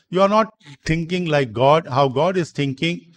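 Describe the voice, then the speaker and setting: Priest preaching a deliberate sermon. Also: male voice, fairly high pitch. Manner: explains slowly, repeats and asks rhetorical questions. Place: church.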